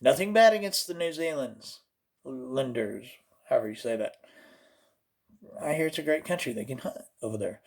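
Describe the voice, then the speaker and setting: A man's voice: mid-range voice, lively intonation, normal speed, long pauses. A man from Oklahoma with an Oklahoma accent, hosting a comedic vlog in a rambling, jokey way that keeps slipping into put-on voices. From Oklahoma, USA. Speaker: host.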